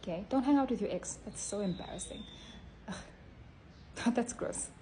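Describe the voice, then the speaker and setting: This health vlogger records a casual vlog on her phone in a dark, mid-range voice at moderate pace. She scolds bluntly and tacks "okay?" onto her points, with a little hiss or hum audible.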